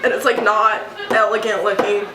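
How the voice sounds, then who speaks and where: A woman casually retelling a story with toys, giggling often and acting out the characters in quick voices. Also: mid-range voice, little pitch movement. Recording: echoey room, distant mic, background noise.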